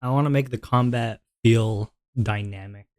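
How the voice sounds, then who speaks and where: A man streaming from home, thinking out loud in a rambling way with many fillers and restarts, and a little out of breath. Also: mid-range voice, moderate pace, no echo, studio quality. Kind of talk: casual stream chat.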